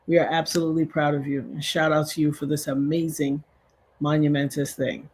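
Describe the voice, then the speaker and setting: A woman with a husky, somewhat breathy voice hosts a casual livestream. She talks straight to her viewers, rallying them to leave likes. She speaks in an effusive, churchy way, praising God. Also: low voice, little pitch movement, fairly quick, a little mellow. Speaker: livestream host.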